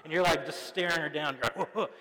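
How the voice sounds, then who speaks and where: A man in his thirties preaching a sermon in a loose, conversational way, full of fillers and quick asides. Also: on the high side, steady tone, very noisy. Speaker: pastor. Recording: long hall reverb.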